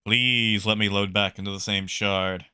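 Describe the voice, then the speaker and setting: A man streaming a space game live, talking to his chat in an excitable way and often repeating himself. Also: on the low side, normal speed, clean tone, no room sound, studio quality. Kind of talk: live gameplay commentary.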